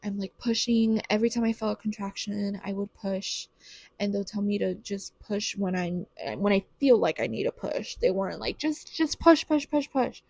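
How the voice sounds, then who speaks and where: A woman's voice: mid-range voice, steady tone, normal speed, vocal fry, a little mellow, dry recording. A young woman telling her birth story casually and candidly, swearing freely and saying "like" a lot.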